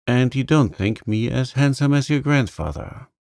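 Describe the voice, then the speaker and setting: A man voicing a gruff, stern old gentleman who is kind underneath, speaking abruptly in short sharp questions. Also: medium pitch, animated, normal speed, dry recording, studio quality, pitched above the performer's own voice.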